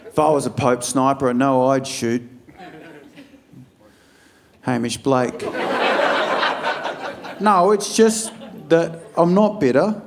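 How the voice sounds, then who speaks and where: A young Australian man doing a stand-up set, blunt and deadpan with sudden loud outbursts. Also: mid-range voice, slow pace, long pauses, background noise. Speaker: stand-up comedian. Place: comedy club stage with audience.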